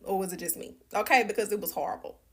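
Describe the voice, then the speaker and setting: A woman telling a personal story to viewers in a chatty, animated way, full of fillers. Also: medium pitch, quick pace, heavy background noise.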